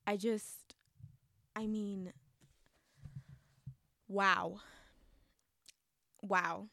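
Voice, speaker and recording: A woman's voice: medium pitch, little pitch movement, drawn-out words, gravelly, sharp tone, dry recording, clean studio sound. A young woman chatting casually in a book review, gushing and talkative, with lots of fillers and restarts.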